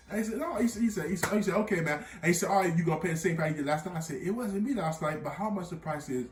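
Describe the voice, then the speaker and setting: A young man telling an animated storytime tale full of slang, with bursts of laughter. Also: sits high, fast talker, hardly any pauses, distant mic, soft background music. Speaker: vlogger. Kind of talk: storytime vlog. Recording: echoey room, off-mic.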